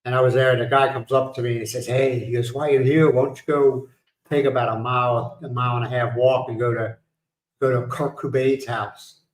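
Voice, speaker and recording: A man's voice: medium pitch, little pitch movement, fairly quick. Middle-aged man, casual livestream chat, storyteller, laughs at his own jokes, roomy echoey sound. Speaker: livestream host.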